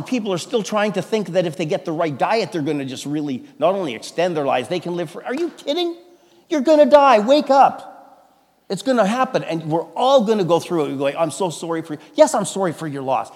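A man preaching a sermon as a pastor, animated and emphatic, stumbling into restarts and breaking into sudden loud exclamations. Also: fairly high pitch. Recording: long reverb of a large hall.

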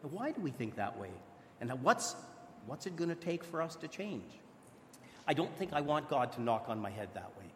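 A pastor preaches a sermon in a church hall, his slightly high, sing-song voice moving at a normal pace. He sounds earnest and conversational and often restarts his sentences. The recording is echoey with long reverb and a little background noise.

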